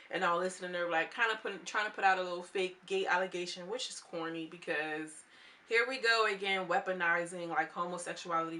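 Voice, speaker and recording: A young woman recapping a reality show in casual chat, sassy and animated, acting out what each cast member said. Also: mid-range voice.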